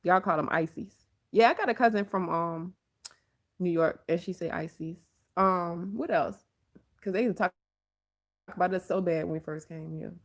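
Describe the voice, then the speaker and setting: A woman with a Southern American accent from Georgia, hosting a casual live-stream chat in an animated, expressive voice. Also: lowish voice, normal speed. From Georgia, USA. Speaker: vlogger, host.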